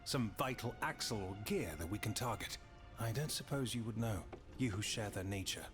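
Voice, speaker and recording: A man's voice: on the low side, moderate pace, music in the background, lightly acted. A man voicing a grave aristocratic general. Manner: formal, stately speech. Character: grave aristocratic male general, formal and urgent. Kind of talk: video game cutscene dialogue.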